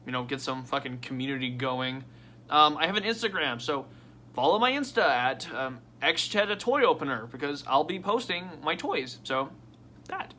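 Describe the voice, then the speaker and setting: A man vlogging casually at his desk, rambling and excitable with frequent swearing and restarts. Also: on the high side, normal speed, slight background noise. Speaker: toy unboxing vlogger.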